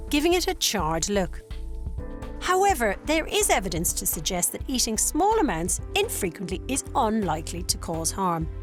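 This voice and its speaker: Animated woman doctor presenting. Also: mid-range voice. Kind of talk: presenter to camera and interviewer.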